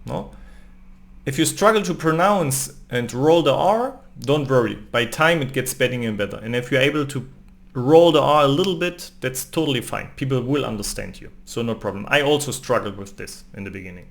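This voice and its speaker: A man teaching a language lesson, reading phrases slowly and repeating them, often adding a questioning "no?". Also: mid-range voice, lively intonation, vocal fry. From Germany. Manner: slow, repeated pronunciation drills with tag questions.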